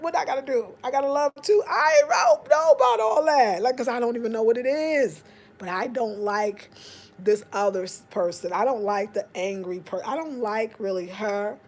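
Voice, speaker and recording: A woman's voice: on the high side, normal speed. A woman with an African American accent telling stories casually, acting out what people said in a raised voice. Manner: animated, acts out quotes in raised voice. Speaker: vlogger. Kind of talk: casual storytelling.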